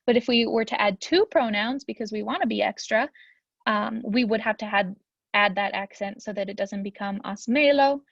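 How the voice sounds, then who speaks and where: A woman's voice: mid-range voice, fairly even intonation, moderate pace, creaky, dry recording, highs cut off. A young woman teaching a Spanish grammar lesson in a chatty, upbeat way, with frequent ums.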